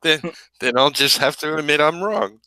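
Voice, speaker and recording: A man's voice: fairly high pitch, moderate pace, sharp tone, clear, resonant tone, dry recording. A man hosting a casual video call chat, laughing a lot and teasing his guest. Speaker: host.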